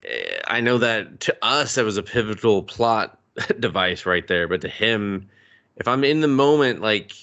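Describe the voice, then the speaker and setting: A man's voice: lowish voice, sing-song, unhurried, a bit bright, muffled recording. A man co-hosting a podcast, chatting casually as he retells a movie and acts out the characters' lines. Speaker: podcast co-host. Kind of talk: casual movie review chat. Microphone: podcast microphone.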